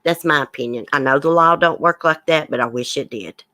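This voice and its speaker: A woman's voice: low voice, a little fast, sharp tone, dry recording. Blunt outspoken woman, dry sound. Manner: reads news aloud, then gives blunt outspoken opinions; talks directly to her chat viewers. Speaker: livestream host. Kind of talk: true crime commentary stream.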